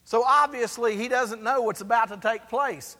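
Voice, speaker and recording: A man's voice: very high voice, normal speed, sharp tone, in a large hall. A man, the pastor, preaching a sermon and asking the congregation for responses as he goes. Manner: preaching with call-and-response asides.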